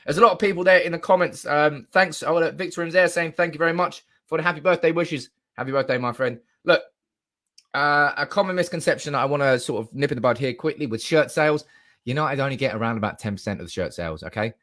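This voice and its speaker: Excitable man live streaming. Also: fairly high pitch, quick pace. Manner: animated, swearing, reading comments aloud, bursts of excited shouting. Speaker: football fan live streamer.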